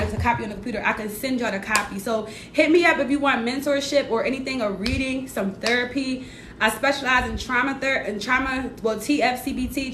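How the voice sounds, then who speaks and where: A woman giving a casual card reading to livestream viewers, slangy and encouraging as she chats with them. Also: fairly bright tone. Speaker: spiritual reader on a livestream. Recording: echoey room with faint rumble.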